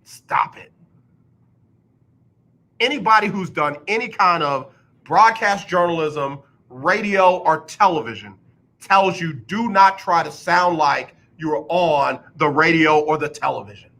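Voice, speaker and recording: Here a male radio host on a sports talk show keeps a measured pace, his bright, forceful voice sitting a bit high for a man. He's blunt and ranting, repeating himself again and again to make his point, with occasional mocking impressions of an over-the-top announcer, all from the radio studio.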